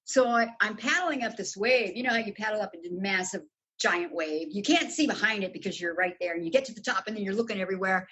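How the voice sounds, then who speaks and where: A woman guest telling a story in casual, animated talk, swearing freely and jumping up in pitch when excited. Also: quick pace, slightly rough, low-quality recording. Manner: animated, profane, swoops high when excited.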